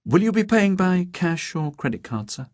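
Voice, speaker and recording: Man doing a prim young receptionist, high pitch, lilting, polite, dry audio. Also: very animated, darkish tone, no room sound. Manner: polite, briskly formal.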